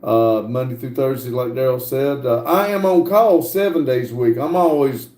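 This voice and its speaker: A middle-aged man with an American accent hosting a livestream, casually reading out viewer comments and answering them, often pausing with "uh". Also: medium pitch, a little mellow. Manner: halting, fills pauses with frequent "uh". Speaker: livestream host. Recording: roomy echo.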